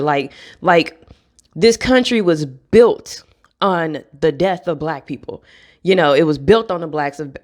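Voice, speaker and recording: A young woman, speaking bluntly and with frustration in a candid vlog rant, swearing freely. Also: low voice. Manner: blunt, frustrated, profane, laughs between points. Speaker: vlogger.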